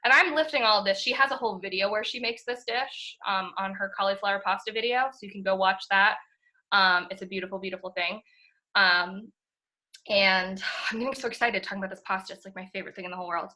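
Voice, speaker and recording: A woman's voice: medium pitch, steady tone, a little fast, sharp tone. A young woman chatting enthusiastically as a podcast co-host, full of fillers and the odd swear word. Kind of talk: casual chat.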